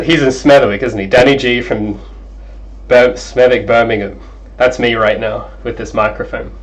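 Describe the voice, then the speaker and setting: A young man streaming as a game developer, chatting casually and excitably, apologizing often, over a cheap gaming headset mic. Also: medium pitch, normal speed, low-quality recording. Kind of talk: casual livestream chat.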